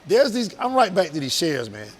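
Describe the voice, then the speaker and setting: Man, high voice, earnest business guest, motivational and emphatic. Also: huge pitch swings, normal speed, slightly rough, soft background music. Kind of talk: casual interview talk.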